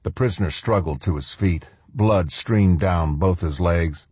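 Deep husky guy narrating slow, dry close mic. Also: a little mellow, dry recording. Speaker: audiobook narrator. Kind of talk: scripted narration.

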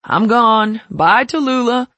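A woman voicing a brash young male cousin who teases loudly in a raised voice. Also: very high voice, very animated, brisk, dry recording, pitched above the performer's own voice, heavily acted. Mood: mocking.

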